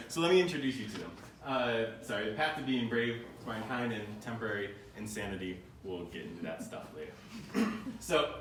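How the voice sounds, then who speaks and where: Lively American man giving a keynote. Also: medium pitch. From United States. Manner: storytelling with jokes and playful asides. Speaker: keynote speaker. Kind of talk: humorous live keynote talk. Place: conference room. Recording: roomy and distant with faint noise.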